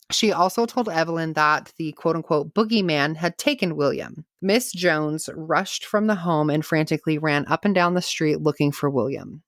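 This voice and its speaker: Low-voiced woman narrating true crime. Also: no room sound, clean studio sound. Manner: reads case notes with casual asides and laughter. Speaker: podcast host.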